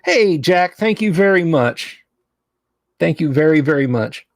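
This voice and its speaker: A chatty man hosting a casual livestream, his voice sitting a bit high for a man. He reads viewer names aloud and laughs easily, recorded dry and close with no room sound. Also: lively intonation, measured pace, no room sound. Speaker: livestream host.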